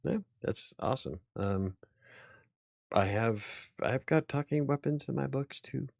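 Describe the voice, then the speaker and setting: A man hosting a casual interview, easygoing and a bit halting as he talks. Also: medium pitch, vocal fry, no room sound, clean studio sound. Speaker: host.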